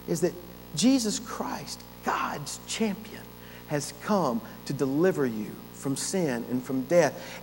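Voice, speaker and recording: A male pastor preaching a sermon with dramatic pauses and surging emphasis. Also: sits high, darkish tone. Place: church sanctuary. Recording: faint hum, long hall reverb.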